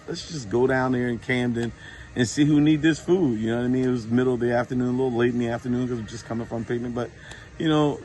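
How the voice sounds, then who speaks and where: A man casually telling true faith stories, informal and lively when he retells what people said. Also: medium pitch, slight background noise. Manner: informal, animated when retelling dialogue, many fillers. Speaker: Christian storyteller. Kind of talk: casual testimony to a phone camera.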